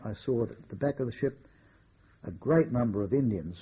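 An older man, a war veteran, recalling his memories in a measured oral-history style with occasional wry chuckles. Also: medium pitch, expressive, slightly rough, dull audio.

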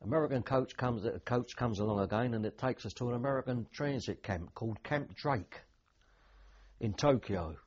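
A man's voice: mid-range voice, normal speed, darkish tone, husky, highs cut off. An older man, a veteran telling rambling anecdotes with dry humour in an oral history interview.

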